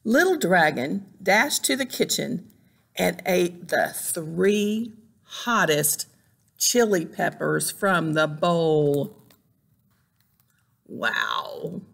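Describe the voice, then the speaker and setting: A woman reading a picture book aloud to children as a librarian, animated, exclaiming and making sound effects. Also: fairly low pitch, slow, creaky.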